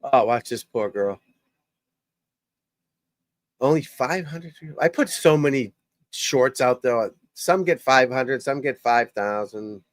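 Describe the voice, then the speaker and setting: An older man chats on a live golf stream in a blunt, salty way, rambling and swearing freely. His voice sits at an ordinary middle pitch and sounds close and dry. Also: lively intonation, slow pace, long pauses, no room sound. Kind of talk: casual live-stream chat.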